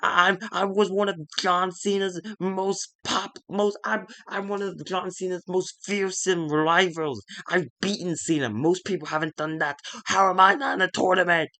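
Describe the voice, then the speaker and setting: A man putting on an outraged loud wrestler. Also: high-pitched, fairly even intonation, moderate pace, hardly any pauses, voice pushed up. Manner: shouting, indignant. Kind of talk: casual voice acting while narrating a game.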